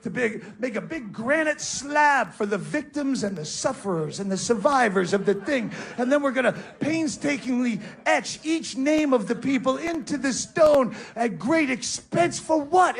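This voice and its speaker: A man's voice: very high-pitched, expressive, a little slow, gravelly, hardly any pauses. A man doing a profane, sarcastic stand-up rant in front of a live audience. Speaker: stand-up comedian. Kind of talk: stand-up comedy set. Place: live comedy venue with audience. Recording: live stage recording with crowd.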